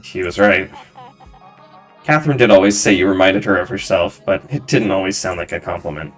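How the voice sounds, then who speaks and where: A man reading game lines for a gentle woman friend who tends a bar, in a soft, sympathetic way close to his own voice. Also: deep voice, fairly quick, faint music behind, voice pushed down, natural voice.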